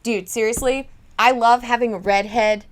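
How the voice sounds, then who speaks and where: A young woman co-hosting a casual comic book chat, retelling the story in a playful, animated way. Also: on the high side, moderate pace. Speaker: comic podcast co-host.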